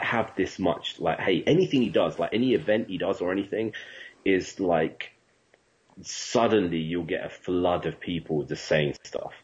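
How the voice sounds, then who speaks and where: A man with a very low, husky voice, talking as a guest on a casual podcast. He circles around his questions, padding them with fillers and drawn-out words. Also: dull audio.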